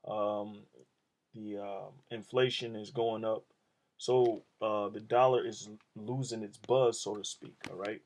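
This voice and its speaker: A man's voice: fairly low pitch, fairly even intonation, slow, a little mellow. A man giving informal scripture teaching as a phone voice memo while driving his car, rambling with many fillers and tag questions. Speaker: religious teacher.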